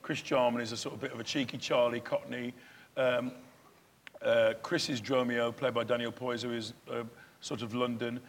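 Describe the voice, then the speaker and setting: A man's voice: medium pitch, level tone, moderate pace. A male stage actor talking in an interview, chatty and self-deprecating, often restarting his sentences. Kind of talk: interview chat.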